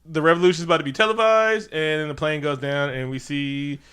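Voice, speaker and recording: Animated man recapping a movie. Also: a little high, brisk, clear, resonant tone. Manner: animated, acts out characters with laughs. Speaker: podcast co-host. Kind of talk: casual movie review chat.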